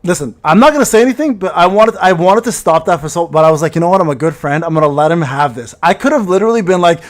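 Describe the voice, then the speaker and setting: A man's voice: high-pitched, lively intonation, quick pace. A man streaming a game, teasing and mock-ranting at a friend in casual, profane banter. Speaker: gaming streamer.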